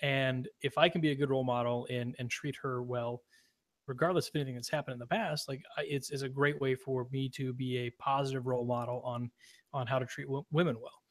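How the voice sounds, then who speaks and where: A man's voice: medium pitch, fairly even intonation, fairly quick, no echo. A man in a casual podcast chat, speaking earnestly about being a role model and stumbling into restarts. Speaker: podcast co-host.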